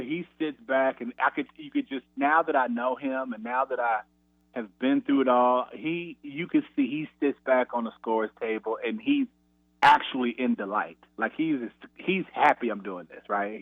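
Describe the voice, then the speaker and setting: Speaking by a tinny phone line into a radio interview, this male ex-college basketball player animatedly tells a practice story and acts out quotes in a raised voice. His voice is mid-range, and the audio is dry with no echo.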